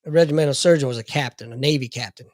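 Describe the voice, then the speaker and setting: A man's voice: mid-range voice, very fast, no room sound, clean studio sound. A man in his forties telling a profane story in a casual podcast chat.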